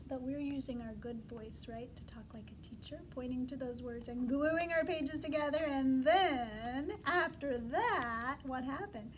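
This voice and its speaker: A woman teacher reading a storybook aloud to young children, animated and coaxing, asking them to repeat words after her. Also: high voice, measured pace, hardly any pauses, a little hiss or hum.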